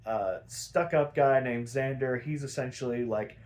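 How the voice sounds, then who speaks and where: A man's voice: mid-range voice, a little slow. A young man casually recapping a cartoon episode, rambling and swearing, acting out the characters' lines as he goes. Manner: rambling, profane, animated retelling with acted quotes. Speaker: podcast host.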